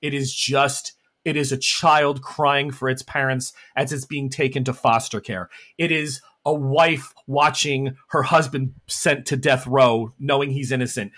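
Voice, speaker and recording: A man's voice: mid-range voice, steady tone, measured pace, few pauses, fairly bright tone. A man narrating as game master, setting scenes dramatically and vividly.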